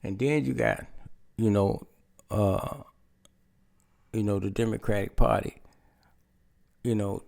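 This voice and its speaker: A man's voice: fairly low pitch, steady tone, slow, creaky, long pauses, darkish tone. A man giving a casual political monologue, talking straight to his listeners and calling them "man" again and again. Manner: addresses listeners as "man", repeats himself. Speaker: political commentator.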